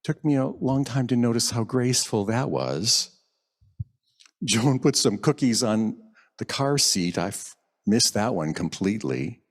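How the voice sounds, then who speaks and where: A man preaching a sermon at a church service, gentle and reflective, lingering over quoted phrases. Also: mid-range voice, lively intonation, unhurried. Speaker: minister. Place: church sanctuary.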